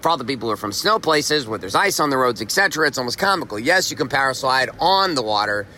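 A man's voice: medium pitch, big pitch swings, quick pace, sharp tone, a little hiss or hum. A man hosting a motivational podcast, talking emphatically in a casual, profane way and repeating phrases for effect. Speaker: podcast host. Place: outdoors walking in the rain.

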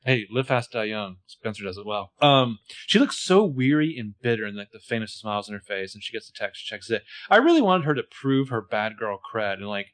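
Relaxed man narrating TV scene cuts. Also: lowish voice, fairly quick, hardly any pauses. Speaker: podcast co-host recapping a TV episode. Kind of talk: casual chat.

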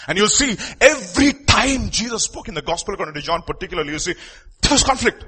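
A preacher with a high, bright, slightly husky voice delivers a sermon fast and with animation, his pitch swinging widely as he presses each point. Between loud, emphatic lines, he drops into quiet asides.

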